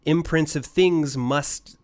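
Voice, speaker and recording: A man's voice: fairly high pitch, takes it slowly. A man co-hosting a casual podcast, telling a rambling ghost story full of swearing. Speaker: podcast co-host.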